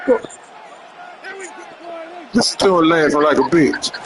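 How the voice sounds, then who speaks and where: A man's voice: on the high side, expressive, unhurried, background noise. A man gaming and trash-talking his opponent in a brash, mocking way. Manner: brash, mocking, repetitive taunts. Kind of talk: casual trash talk while gaming.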